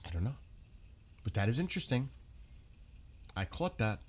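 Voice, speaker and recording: Man, live news commentary, casual, indignant, rhetorical questions, mid-pitched voice. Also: big pitch swings, normal speed, darkish tone, slightly rough.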